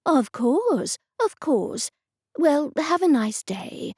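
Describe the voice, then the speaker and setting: A woman narrator voicing an eager, chirpy receptionist who speaks in a polite, animated way. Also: high-pitched, takes it slowly, no room sound, studio quality, pitched above the performer's own voice, heavily acted.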